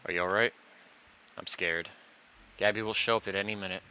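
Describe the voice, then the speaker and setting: A man's voice: on the low side, steady tone, a little fast, sharp tone, slight background noise. A man reading visual novel dialogue aloud, voicing every character himself and acting out the stammers. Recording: dull lo-fi recording.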